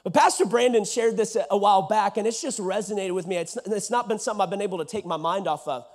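A man preaching a sermon from West Texas, swinging from loud lines to hushed ones. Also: sits high, quick pace. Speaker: pastor. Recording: church.

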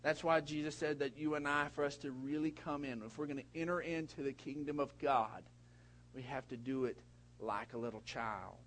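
A middle-aged man preaching a sermon in a folksy way, with big swings in pitch and loudness and many repeated words. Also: steady tone, normal speed, slight background noise. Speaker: pastor.

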